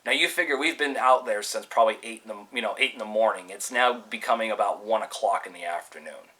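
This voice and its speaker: Bright-voiced man telling a story. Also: on the low side, fast, poor audio. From California, USA. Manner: animated, swears freely, acts out quoted voices. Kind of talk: casual spoken storytelling.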